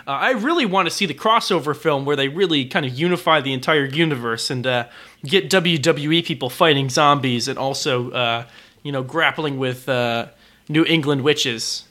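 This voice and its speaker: Bright, stammering man in casual chat. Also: fairly high pitch, normal speed. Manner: stammering, many restarts and fillers. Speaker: podcast co-host.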